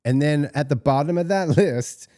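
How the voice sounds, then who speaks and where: A man's voice: on the high side, moderate pace, warm tone. A man co-hosting a casual podcast, cursing bluntly as he rants about a reality show. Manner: profane, blunt, laughing rants. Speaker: podcast co-host. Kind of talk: casual reality-TV recap chat.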